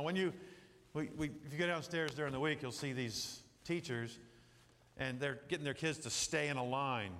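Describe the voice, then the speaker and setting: A man's voice: on the high side, a bit bright. A middle-aged man preaching a sermon in a church, rambling with jokey asides and acted-out quotes. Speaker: pastor. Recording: hall reverb.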